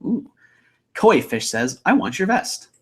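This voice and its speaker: A man's voice: high voice, big pitch swings, slow, slightly rough. A young man, chatting casually on a livestream, reading out viewer comments in an upbeat, rambling way. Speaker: livestream host.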